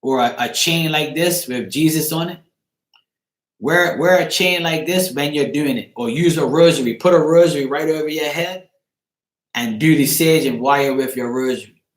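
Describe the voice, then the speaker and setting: A man's voice: on the high side, moderate pace. Emphatic swearing man in an echoey room. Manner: emphatic, repeats "right?", swears freely. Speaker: host of a live chat show. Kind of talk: casual live-stream advice to a viewer.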